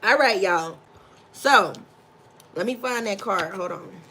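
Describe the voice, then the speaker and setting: A woman's voice: medium pitch, lively intonation, slow pace, noisy background. A woman giving a live tarot reading, effusive and repetitive, greeting chat viewers as baby and y'all. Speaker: tarot reader.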